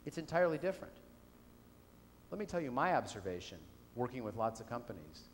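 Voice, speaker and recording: A man's voice: mid-range voice, big pitch swings, a little fast. A man giving a business keynote speech to a live audience, telling a story and asking the room questions. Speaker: keynote speaker. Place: lecture hall with audience. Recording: reverberant hall.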